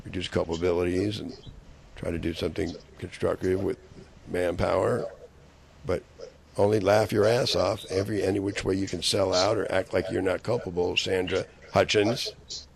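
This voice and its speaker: Low gravelly guy ranting and cursing, rambling on and on. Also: little pitch movement, normal speed, a little hiss or hum. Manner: angry, profane, rambling ranting. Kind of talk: rambling monologue.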